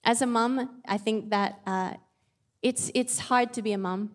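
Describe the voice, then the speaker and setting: A woman's voice: fairly high pitch, fairly even intonation, a little slow. A mother giving an earnest, chatty Bible devotional talk with self-aware asides. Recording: long hall reverb.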